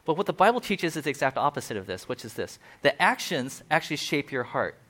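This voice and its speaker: A man's voice: a little high, very animated, quick pace, a bit bright. Chatty man preaching a casual sermon. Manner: chatty, with asides and acted-out quotes. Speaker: pastor. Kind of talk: conversational sermon.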